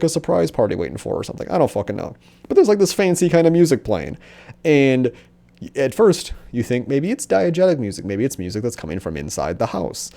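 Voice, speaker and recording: A man's voice: on the low side, a little mellow. A young man reviewing a movie in a casual, profane rant, rambling with lots of fillers and sarcasm.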